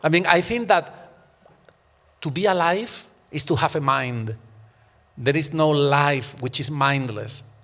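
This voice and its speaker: A man's voice: a little high, measured pace, long pauses, fairly bright tone, big-room sound. A man in an academic panel discussion, arguing emphatically and using many rhetorical questions.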